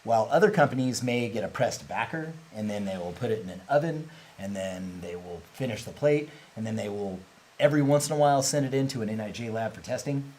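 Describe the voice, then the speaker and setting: A man's voice: on the low side, lively intonation, brisk, a little mellow, poor audio. A man hosting a casual livestream, talking openly and rambling, laughing easily as he answers questions. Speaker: host, company representative.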